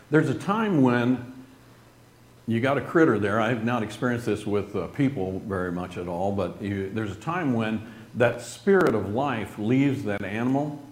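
A man telling a group an emotional personal story in an earnest, halting way, with restarts and some throat-clearing. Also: on the low side, roomy sound.

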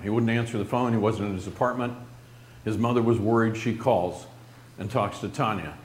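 A middle-aged man telling a personal story earnestly and haltingly, his voice dropping soft at grave moments. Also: fairly low pitch. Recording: roomy echo with faint noise.

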